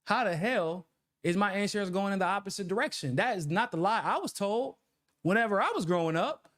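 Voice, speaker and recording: A man's voice: sits high, fairly quick. A man, co-hosting a casual political chat with lots of laughter and cursing. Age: 30s. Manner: loud laughs, profane and animated. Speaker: co-host.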